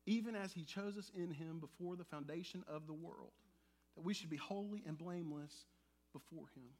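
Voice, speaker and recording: A male pastor delivering a sermon in a church, animated and conversational, with playful asides to the congregation. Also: a little high. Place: church sanctuary.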